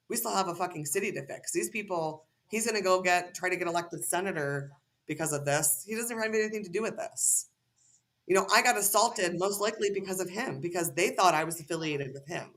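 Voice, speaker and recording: A woman's voice: on the low side, a little fast, a bit bright. A woman as a podcast guest, ranting heatedly and cursing freely in casual conversation.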